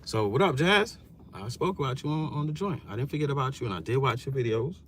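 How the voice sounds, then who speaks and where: New man, YouTuber, lively slangy storyteller, vlogging from his car. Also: medium pitch, fast, a little hiss or hum. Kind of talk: casual vlog commentary.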